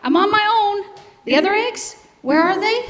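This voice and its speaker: A fussy, homebody egg frets and chatters in a high, lively voice, as a woman reads his part. He swoops between high and low as he talks. The sound carries the long echo of a hall. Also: normal speed, a little hiss or hum. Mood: chatty. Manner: chatty, expressive storybook reading. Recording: echoey hall.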